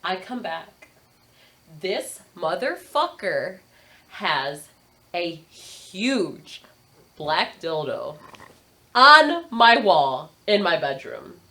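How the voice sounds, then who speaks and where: A woman's voice: lowish voice, big pitch swings, very slow, pushed and bright, recorded from a distance. A young adult woman, a podcast guest, telling a story in casual chat, swearing and laughing often. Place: podcast studio.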